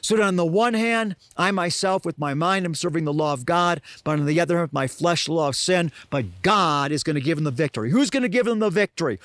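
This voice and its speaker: Male preacher, fairly high voice, dry close sound; reads scripture and expounds it earnestly. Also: animated, fairly quick, hardly any pauses, a bit bright, dry recording. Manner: reads scripture aloud, then explains it with earnest emphasis. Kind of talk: sermon.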